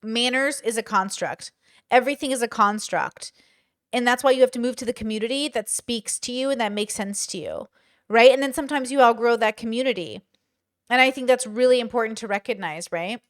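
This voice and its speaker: A woman commentator talking casually about culture, who gets louder and more opinionated when excited. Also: on the high side, fairly quick. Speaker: online commentator.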